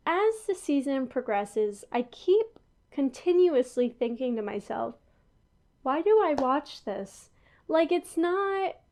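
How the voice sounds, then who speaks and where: Young female podcast host, slightly high voice, loose rambling delivery full of asides. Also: dark tone. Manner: chatty and rambling, with frequent laughs and asides. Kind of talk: casual chat. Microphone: headphones on, talking into a podcast mic.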